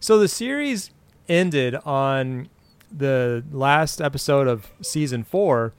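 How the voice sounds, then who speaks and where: A man's voice: mid-range voice, lively intonation, slow pace, clean tone. A man in his forties, co-hosting a casual chat, rambling through trivia with fillers and restarts. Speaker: podcast co-host. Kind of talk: casual chat about an old TV show.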